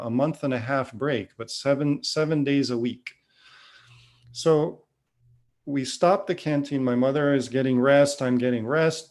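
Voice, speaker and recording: A man's voice: medium pitch, darkish tone. A man in his fifties giving a spiritual testimony talk, telling his story earnestly with restarts and acted-out dialogue. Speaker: devotional speaker.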